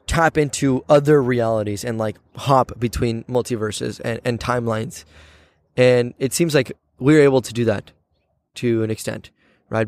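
A man's voice: medium pitch, no echo, clean studio sound. A man hosting a podcast, talking things through in a reflective, casual way and often checking in with his listener. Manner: thoughtful, keeps checking in with "right?". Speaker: podcast host. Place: outdoors on campus steps.

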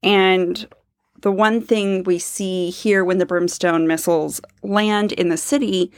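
A woman's voice: medium pitch, fairly even intonation, slow pace. A woman co-hosting a casual book-discussion podcast, laying out her points at length in a thoughtful way. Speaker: podcast co-host.

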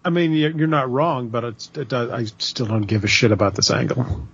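A man's voice: mid-range voice, fairly quick, creaky, fairly bright tone, breathy edge, dull audio. A man co-hosting a podcast in casual chat, blunt and profane with dry sarcasm. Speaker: podcast co-host.

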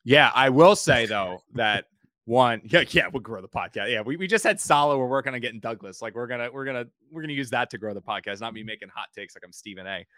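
Male podcast host, rapid rambling talker with a dry close sound. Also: medium pitch, lively intonation, pushed and bright, no room sound. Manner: rambling storyteller who repeats words. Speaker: podcast host and sports reporter. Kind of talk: casual podcast chat.

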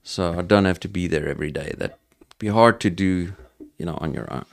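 Middle-aged South African man, podcast guest. Low gravelly voice, halting and unhurried delivery. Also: no room sound. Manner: hesitant, thinking aloud with many ums and restarts. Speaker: podcast guest, entrepreneur and cattle farmer. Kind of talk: casual interview conversation.

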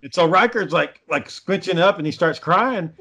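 Here's a man with a drawl, pitched a bit above most men's, rattling off rambling, foul-mouthed stories. It sounds like loose, casual banter among friends. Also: moderate pace, slightly rough. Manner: profane, animated storyteller.

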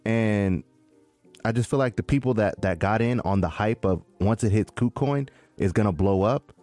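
A man co-hosting a casual podcast, excitable and slangy as he chats. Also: lowish voice, moderate pace, faint music behind. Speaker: podcast co-host. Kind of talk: casual crypto chat.

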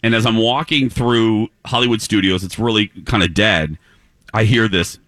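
A man's voice: lowish voice, normal speed, no echo, studio quality. A man hosting a morning radio show, telling a long story casually and acting out the voices of the people in it. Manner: animated, acts out voices in anecdotes. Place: live remote broadcast at a clinic.

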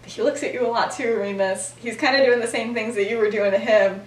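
A woman's voice: on the high side, fairly even intonation, a little fast. Giggly young woman retelling a story. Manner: chatty and giggly, acting out the characters' quoted lines. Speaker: podcast host. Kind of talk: casual storytelling recap. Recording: roomy, distant mic with faint noise.

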